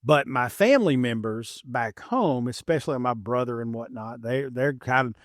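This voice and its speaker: A middle-aged man with a light Kentucky twang hosts a podcast in a dry, close-sounding setting. He talks in an easygoing, rambling way and pokes fun at himself. His voice sits at an ordinary middle pitch. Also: moderate pace, no room sound. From Appalachian Kentucky. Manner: relaxed, rambling, self-deprecating. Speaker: podcast host. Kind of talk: casual podcast chat.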